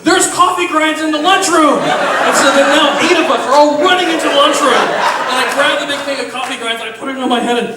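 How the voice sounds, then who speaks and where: High-voiced man telling a story on stage. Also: fast talker, a loud crowd, heavy background noise. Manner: animated, laughing often, casual swearing. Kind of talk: live comic storytelling on stage. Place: theater stage before a live audience. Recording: echoey theater, distant mic, audience reacting.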